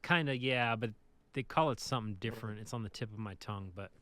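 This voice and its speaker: A man co-hosting a podcast, telling a casual, animated anecdote about his driving job. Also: on the low side, fast talker. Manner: animated anecdote teller, acts out the people in his stories. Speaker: podcast co-host, bus driver. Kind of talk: casual storytelling chat.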